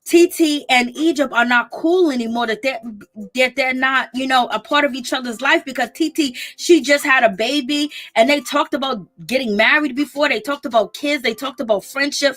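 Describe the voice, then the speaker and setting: Animated woman recapping reality TV. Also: fairly high pitch. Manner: animated storytelling, quotes cast members, exclaims. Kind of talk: casual chat recapping a show.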